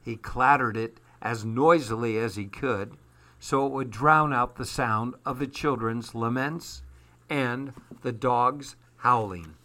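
Male storyteller reading a chapter book aloud, unhurried and bright. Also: mid-range voice.

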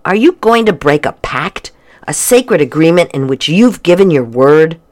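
A woman voicing a defensive, scheming young girl with a whiny, pleading voice that climbs high. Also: lively intonation, moderate pace, a little mellow. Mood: insistent. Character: pushy pink-haired girl, defensive and scheming.

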